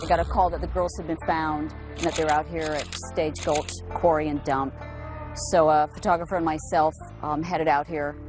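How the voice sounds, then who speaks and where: A female newspaper reporter with a lowish voice recounts what she saw. Her telling is matter-of-fact. Music plays clearly beneath. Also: little pitch movement, moderate pace. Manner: matter-of-fact, slightly repetitive. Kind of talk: interview recollection. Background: music underscore.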